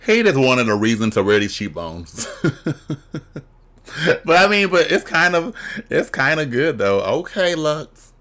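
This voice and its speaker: A man's voice: fairly high pitch, big pitch swings, a little slow, long pauses, fairly bright tone. A man hosting a casual reaction video, talking candidly and bluntly with bawdy jokes and frequent laughter. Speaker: drag reaction video host.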